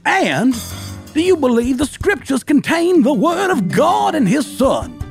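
Pompous Southern attorney, badgering a witness, high and blustering. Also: male voice, huge pitch swings, soft background music, exaggerated voice. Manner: blustering, shouting, drawn-out questions.

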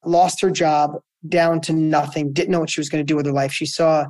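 A middle-aged man, a guest entrepreneur, telling a story in a conversational interview, energetic and full of restarts and repeats. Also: on the high side, a little fast.

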